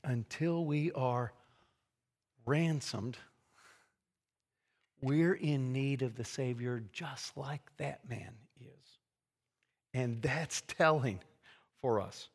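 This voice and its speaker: A man's voice: medium pitch, very slow, pauses often. A man preaching an expository sermon in an earnest, conversational way, often restarting phrases and adding asides.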